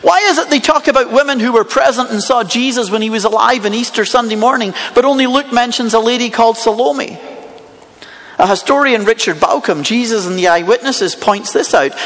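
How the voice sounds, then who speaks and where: A man's voice: sits high, fairly quick, a bit bright, big-room sound. A man preaching a sermon in a conversational way, asking the listeners many rhetorical questions.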